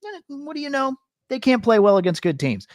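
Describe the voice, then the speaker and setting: A man's voice: very high-pitched, big pitch swings, brisk, darkish tone, no room sound, studio quality. A man co-hosting a sports podcast, ranting in casual chat with lots of fillers. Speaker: podcast co-host.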